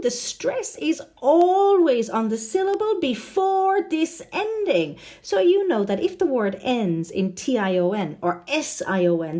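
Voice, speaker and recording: A woman's voice: high voice, dark tone. A woman teaching English in a recorded video lesson, explaining step by step, spelling out word endings letter by letter and checking in with questions.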